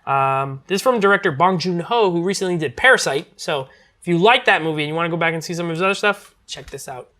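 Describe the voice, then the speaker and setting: A man's voice: fairly high pitch, expressive, quick pace, bright, forceful tone. A man reviewing movies in a casual, rambling chat, full of fillers and restarts.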